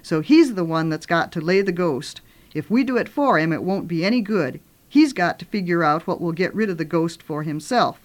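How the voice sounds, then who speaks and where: A reader voicing an exasperated older sister, a girl who scolds the others in a shrill, bossy way. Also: expressive, normal speed, close to an everyday voice.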